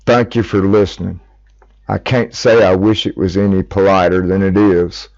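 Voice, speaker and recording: A man's voice: low-pitched, flat delivery, normal speed, darkish tone, dry recording. A middle-aged American man, delivering a heated, profane monologue as a public appeal. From United States. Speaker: speaker making a public appeal. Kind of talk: angry monologue. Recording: dull lo-fi recording.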